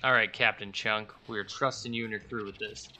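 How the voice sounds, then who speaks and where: A man's voice: on the low side, fairly even intonation, fairly quick, bright, forceful tone, slight background noise. A man voicing a bossy male pirate gang leader in a video game, giving commands. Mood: commanding.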